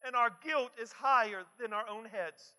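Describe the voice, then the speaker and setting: A man preaching a sermon emphatically, repeating key phrases and swinging from soft asides to shouts. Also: very high voice, normal speed. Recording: long hall reverb.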